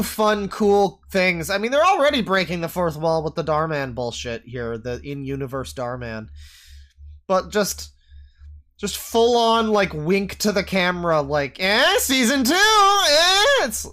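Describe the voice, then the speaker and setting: Streaming from a home setup with a desk microphone, a man reacts to videos with exasperated, sweary rants as live commentary. His voice is high and a bit bright.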